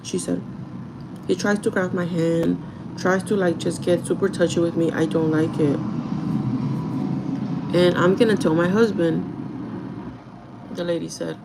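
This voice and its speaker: Gravelly-voiced woman telling a chatty story. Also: on the low side, flat delivery, normal speed, very noisy. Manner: chatty and gossipy, with frequent "like" and swearing. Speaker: store manager. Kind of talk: casual storytime chat with a livestream audience.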